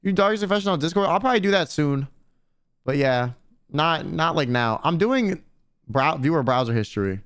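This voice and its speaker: A man's voice: a little high, lively intonation, normal speed, a bit bright, clean tone. A young man streaming and chatting casually with viewers in a blunt, slangy way, swearing often.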